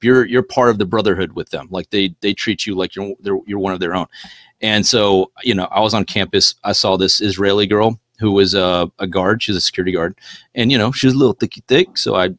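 A man on a podcast telling a personal story in casual chat, animated and swearing freely. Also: lowish voice, dry recording.

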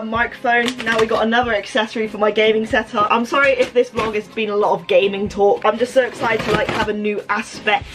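A young woman vlogging in a casual, chatty way, poking fun at herself and laughing often. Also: mid-range voice. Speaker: vlogger and Twitch streamer. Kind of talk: casual vlog chat. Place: home room, later inside a car.

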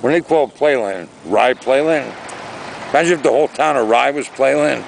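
A man's voice: medium pitch, normal speed, creaky, slight background noise, rough recording. A man talking casually to his camera outdoors by a lake, rambling and ranting in a chatty vlog. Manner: rambling, chatty, exaggerated rants. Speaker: vlogger.

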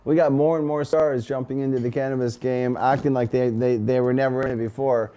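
A man's voice: medium pitch, steady tone, a little fast, warm tone, slight background noise. A man in his forties with a Canadian accent, hosting a casual, profane, rambling livestream chat. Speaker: host.

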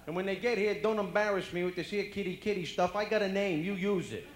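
A man's voice: high-pitched, fast, a little hiss or hum, pitched above the performer's own voice, close to an everyday voice. A man voicing a haughty, tough-talking male cat with a Brooklyn accent, brash and dismissive. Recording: echoey banquet hall.

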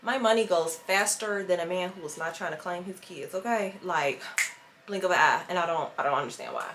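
A woman's voice: on the low side, a little fast, a bit bright, a little hiss or hum. A young adult woman vlogger, chatting casually and sassily to her viewers. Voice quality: sassy, chatty, lots of "girl" and "baby". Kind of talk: casual chat to camera. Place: at home, voiceover then sitting at a table.

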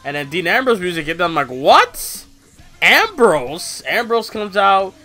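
A man's voice: high voice, animated, brisk, pushed and bright, soft background music. A young man casually recapping a wrestling show in slangy, rambling talk full of fillers.

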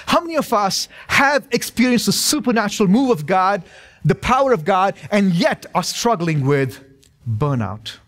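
A man's voice: high voice, big pitch swings, moderate pace, fairly bright tone. A male pastor in his thirties preaching a sermon in a church, emphatic and repetitive, with touches of humor. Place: church sanctuary.

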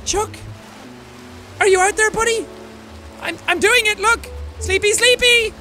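A man giving excitable let's play commentary, swinging from yelling outbursts to low mutters. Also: unhurried, faint music behind. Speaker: gameplay commentator.

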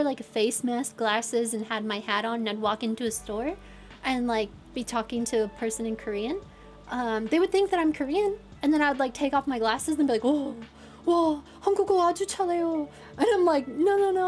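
A young woman streamer chatting casually and giggling, trying out British phrases. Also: fairly high pitch. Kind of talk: casual chat. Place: lives in England.

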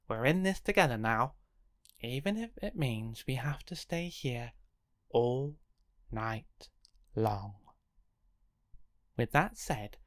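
A woman reads a children's picture book aloud with big theatrical swings, dropping to hushed pleading and then jumping to frightened yelps. Her voice sits low for a woman but sounds bright and sharp. She takes her time, and her pitch swoops widely. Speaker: storybook reader.

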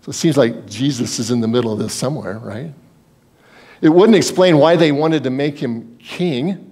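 A male pastor preaching a sermon emphatically, asking the congregation rhetorical questions and swinging between loud and hushed delivery. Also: mid-range voice, normal speed.

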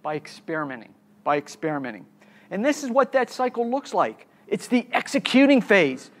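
A man's voice: sits high, big pitch swings, moderate pace. A man giving a live keynote talk on a conference stage, quizzing the audience and repeating key words, with frequent restarts.

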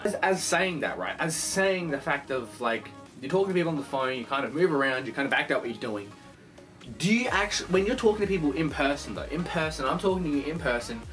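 In a casual, rambling bedroom vlog, a young man speaks at a medium pitch, animated and swearing heavily. He also acts out the voices of people on phone calls.

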